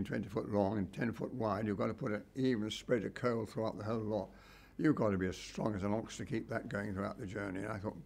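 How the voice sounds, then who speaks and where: Older male storyteller, gravelly and a touch low, rambling with wry asides. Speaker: documentary cameraman recalling a shoot. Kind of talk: anecdotal reminiscence.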